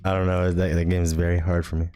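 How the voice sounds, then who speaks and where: Smooth, low-voiced young man, laid-back. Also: monotone, quick pace, warm tone, faint music behind. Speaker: podcast co-host. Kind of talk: casual chat.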